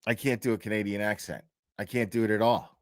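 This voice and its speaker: A man's voice: fairly low pitch, steady tone, fast. A man hosting a casual livestream, rambling loosely with lots of fillers and easy laughs. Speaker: livestream host.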